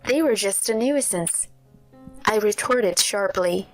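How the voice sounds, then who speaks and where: A woman reading a scripted first-person story in a steady storytelling manner. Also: mid-range voice, slow pace, faint music behind, poor audio. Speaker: narrator. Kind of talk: scripted narration.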